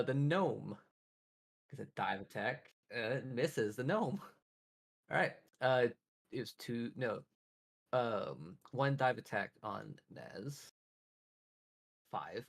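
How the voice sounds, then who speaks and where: A man runs a tabletop game session in a loose, chatty way and laughs often. His voice is gravelly and his pitch moves a lot. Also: expressive, takes it slowly. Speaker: game master. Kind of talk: running a tabletop game, casual.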